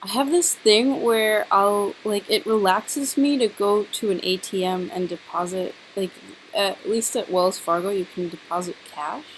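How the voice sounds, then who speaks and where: Young woman, sore throat, chatty dramatic vlog storytelling, mid pitch. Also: fairly even intonation, unhurried, a little hiss or hum, poor audio. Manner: chatty and dramatic, heavy use of "like". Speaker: vlogger. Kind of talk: casual storytelling to camera.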